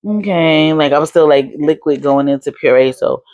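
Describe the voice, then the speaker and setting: A woman's voice: deep voice, normal speed, darkish tone, no echo. A young adult woman vlogging casually, chatty with lots of fillers. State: hiccups. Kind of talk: casual chat.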